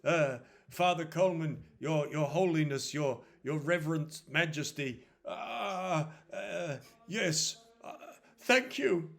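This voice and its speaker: A man's voice: fairly high pitch, slow, creaky, hardly any pauses, fairly bright tone, voice pushed up, heavily acted. A man voicing an obsequious, fussy male nobleman who gushes and stammers his thanks. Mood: gushing.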